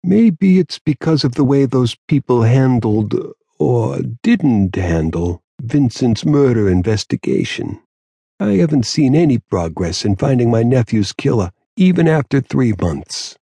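A man voicing a raspy aging mob boss who speaks slowly, patiently and with quiet confidence. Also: mid-range voice, big pitch swings, no room sound, voice pushed up, full character voice. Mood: brooding. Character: aging mob don, raspy, calm and menacing. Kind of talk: audiobook character voice.

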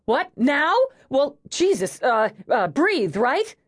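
A woman's voice: mid-range voice, very animated, unhurried, no room sound, clean studio sound. A woman voicing a tough, blunt woman police detective in an audiobook, wry and rattled. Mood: panicked.

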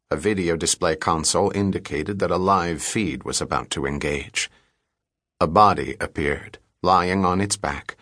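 This is a male audiobook narrator with a deep voice, telling the story in a steady, measured way. The recording is dry, with clean studio sound.

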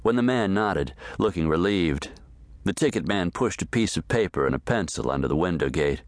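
A man reading a western novel aloud as audiobook narrator, steady and measured, close to the mic. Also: low voice, no echo.

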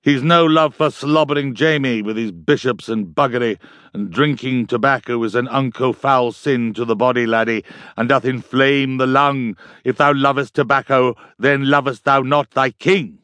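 Brief: man voicing a blustering, preachy old Scottish king, thick burr, mid pitch, dry audiobook read. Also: steady tone, moderate pace, fairly bright tone, no room sound, natural voice. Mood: mocking.

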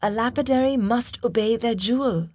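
A woman's voice: on the high side, normal speed, mellow, husky, dry recording. A woman voicing a frightened young female servant who pleads and whispers urgently.

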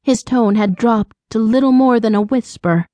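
A woman narrating an audiobook in an even, measured storytelling voice. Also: a little high, dry recording.

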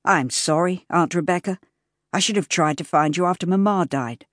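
A woman voicing a courteous, slightly flustered young gentleman in an audiobook. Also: lowish voice, moderate pace, no echo, studio quality, natural voice. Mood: polite. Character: polite awkward young gentleman. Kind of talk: audiobook character voice.

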